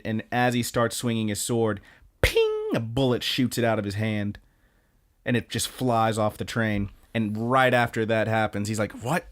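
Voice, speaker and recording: Male podcast co-host, lowish voice, loose rambling recap style. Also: smooth. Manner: rambling retelling with fillers and quoted lines. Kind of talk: casual chat recapping an anime.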